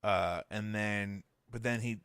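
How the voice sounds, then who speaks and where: Male podcast host, bright crisp tone, dry close sound, loose joking chatter. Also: lowish voice, fairly even intonation, slow, no room sound. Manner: rambling, jokey, full of fillers. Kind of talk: casual chat.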